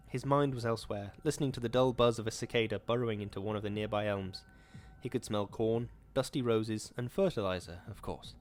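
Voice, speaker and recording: A man hosting a show, reading a horror story aloud in a steady, measured way. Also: lowish voice.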